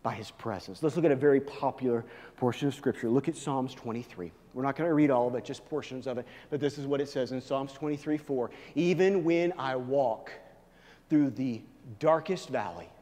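A male pastor preaching a sermon, swinging from hushed, low asides to loud, emphatic proclaiming. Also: fairly quick, big-room sound.

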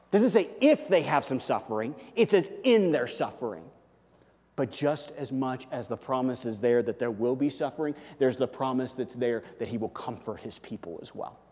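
A man preaching a sermon as a pastor, conversational and animated, often checking in with "okay?". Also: mid-range voice. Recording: long hall reverb.

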